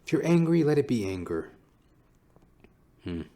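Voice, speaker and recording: A man's voice: mid-range voice, very animated, unhurried, warm tone. A man hosting a solo podcast who talks in a rambling, profane and reflective way. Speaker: podcast host. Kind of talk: casual solo podcast monologue.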